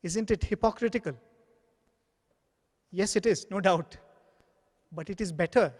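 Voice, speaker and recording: A high-pitched man speaks earnestly, telling devotional stories and voicing the exchanges within them. His voice rings out with a long reverb tail, as if in a large hall. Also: measured pace, darkish tone. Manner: earnest, acts out dialogue in anecdotes. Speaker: spiritual speaker. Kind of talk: devotional talk with storytelling.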